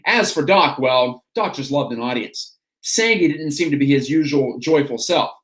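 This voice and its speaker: A man hosting a stream, reading an autobiography aloud in a steady storytelling way. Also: medium pitch, normal speed. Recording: roomy echo.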